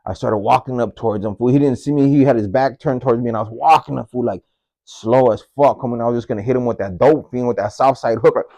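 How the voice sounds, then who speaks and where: A man's voice: mid-range voice, darkish tone. A man, casually telling a personal story in street slang, tagging his phrases with homie, dog and fool.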